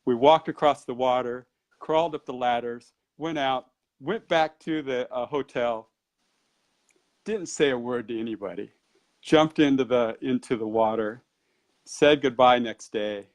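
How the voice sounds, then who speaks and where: This man teaches Qigong and Tai Chi and is sharing a lengthy personal tale during an interview. With a medium-pitched voice, he comes across as an animated storyteller; his pace keeps moving yet stays unhurried.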